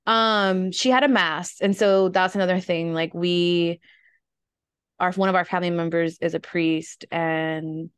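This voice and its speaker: Hosting a relaxed podcast chat on grief, a young woman rambles along, dotting her talk with fillers and nervous laughter. She has a clear, resonant voice on the low side, recorded with no echo.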